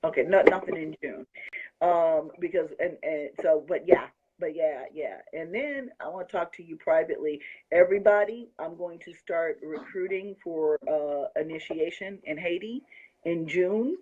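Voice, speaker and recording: Host: woman, husky, effusive and gushing, slightly muffled lo-fi sound. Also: fairly low pitch, moderate pace, darkish tone. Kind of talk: excited casual chat.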